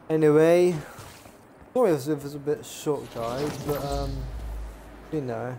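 A man's voice: fairly high pitch, unhurried, long pauses, mellow, a little hiss or hum. A young man casually commenting on his gameplay as a gaming YouTuber, chatty and swearing now and then. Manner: chatty, swears, jokey asides.

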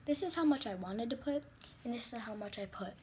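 A woman's voice: on the high side, lively intonation, brisk, darkish tone, slight background noise. A woman vlogging as she does her makeup, chatty and flustered, often dropping to a whisper. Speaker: beauty vlogger. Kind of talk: casual vlog chat while doing makeup.

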